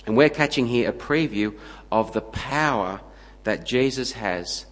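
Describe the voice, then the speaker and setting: Male preacher, mid-pitched, emphatic sermon delivery, long hall reverb. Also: expressive, measured pace, a bit bright. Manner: emphatic, building to punchy lists.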